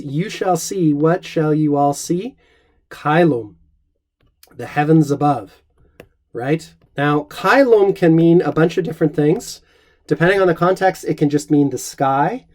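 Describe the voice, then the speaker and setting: A middle-aged man teaching a Latin lesson, measured and encouraging, reading Latin phrases aloud slowly. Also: a little high, warm tone.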